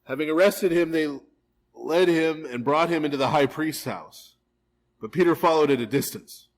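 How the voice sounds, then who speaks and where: Recorded live in a church hall, a priest leads a verse-by-verse Bible study, reading scripture and retelling it casually and lively with frequent "right?" asides. His voice is fairly high and moderately paced, and the recording quality is low.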